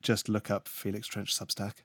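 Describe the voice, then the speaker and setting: A man's voice: lowish voice, monotone, moderate pace, fairly bright tone, no room sound, studio quality. A man with a British accent, an actor chatting as a podcast guest, amused and laughing often. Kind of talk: casual chat.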